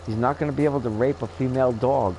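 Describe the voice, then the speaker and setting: A man's voice: medium pitch, fairly even intonation, quick pace, warm tone, a little hiss or hum, rough recording. A man in his fifties hosting a gaming channel, chatting casually and telling blunt stories with frequent laughter. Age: 50s. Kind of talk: casual chat while gaming.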